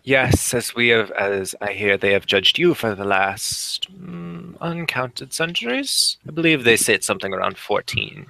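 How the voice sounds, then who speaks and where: A man voicing a sly nobleman who speaks with smooth, predatory politeness. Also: medium pitch, sing-song, unhurried, few pauses, pushed and bright, exaggerated voice. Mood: condescending.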